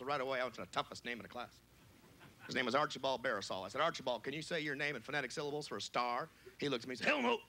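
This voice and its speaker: A man doing a brash, crude stand-up comedy routine on a club stage, shouting his punchlines in high, squeaky put-on voices. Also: slight background noise. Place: club stage before a live audience.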